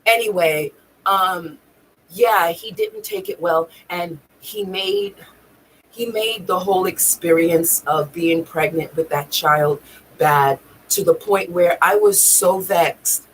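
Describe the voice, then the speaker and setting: A woman's voice: on the low side, very animated, slow pace, slight background noise, low-quality recording. A woman vlogging, telling a personal story in a raw, emotional way, swearing freely and near tears at times. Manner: raw, profane, tearful at times.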